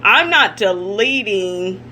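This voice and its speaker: Bright-voiced woman ranting blunt gossip. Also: medium pitch, expressive, slow pace, a little hiss or hum. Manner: blunt, profane and indignant, addressing viewers directly. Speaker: celebrity gossip vlogger. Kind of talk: ranting commentary vlog.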